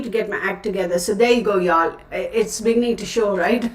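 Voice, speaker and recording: Brisk and barely pausing, a Texan woman who hosts a tarot channel talks casually with her livestream audience, addressing them as y'all amid frequent asides and self-corrections. Her voice is ordinary middle pitch, picked up by a distant mic with some room echo.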